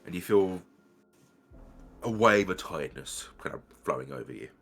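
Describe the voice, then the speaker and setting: A man's voice: low voice, lively intonation, normal speed, a bit bright. A man running a tabletop game as game master, narrating scenes casually with fillers and swearing.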